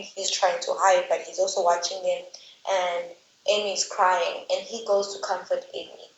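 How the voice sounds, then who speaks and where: A woman's voice: medium pitch, slight background noise. A woman casually recapping a book's plot and ranting about the characters, speaking chattily with lots of "like" and exasperated asides. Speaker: book reviewer. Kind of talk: casual book recap and rant. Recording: roomy, slightly dull recording.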